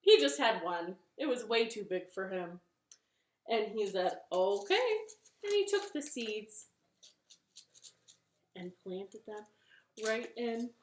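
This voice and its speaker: Woman doing a kids' storytime read-aloud, slow and playful, echoey living room. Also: medium pitch, big pitch swings. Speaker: library storytime reader.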